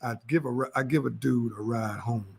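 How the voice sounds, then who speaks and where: A man's voice: mid-range voice, a little fast, gravelly, a crowd in the background. A man telling a street story on a podcast, heavy with slang and acted-out quotes. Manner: animated street slang, acts out quoted voices. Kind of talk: casual storytelling chat.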